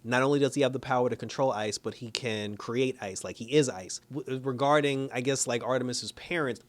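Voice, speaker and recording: A young man giving a casual, animated review of a TV episode, retelling scenes by quoting the characters and laughing often. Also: medium pitch, brisk. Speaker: TV show reviewer. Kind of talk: casual spoken recap and review.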